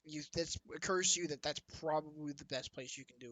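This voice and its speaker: A man runs a tabletop game, his voice pitched a little high and very bright. He narrates loosely, circling back and restarting mid-thought. The sound is dry and close. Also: a little fast, no echo, rough recording. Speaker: dungeon master.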